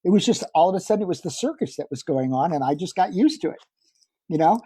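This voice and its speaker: Middle-aged man, husky voice, mellow tone, animated storyteller, dry close sound. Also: high voice, fast, no echo. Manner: animated, acts out quoted dialogue. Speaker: podcast guest. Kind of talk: conversational storytelling.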